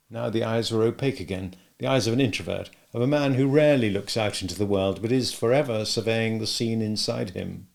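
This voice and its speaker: A man narrating an audiobook in a steady, measured reading voice. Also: fairly low pitch, vocal fry.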